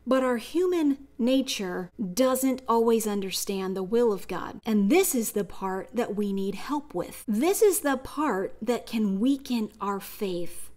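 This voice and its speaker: Woman doing a bible teaching, kinda high voice, earnest and reflective, tells little personal stories.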